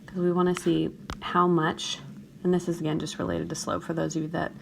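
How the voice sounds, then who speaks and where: A woman's voice: fairly low pitch, little pitch movement, brisk, a little hiss or hum. A woman teacher talking through a chemistry problem in a recorded screencast lecture, often checking in with her students. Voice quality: morning voice, a bit gravelly.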